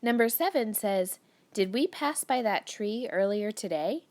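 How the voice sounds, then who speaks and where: A woman's voice: medium pitch, lively intonation, measured pace, a little mellow. A woman teacher patiently talking young students through a grammar worksheet, reading the sentences aloud and explaining each step. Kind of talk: recorded grammar lesson for children.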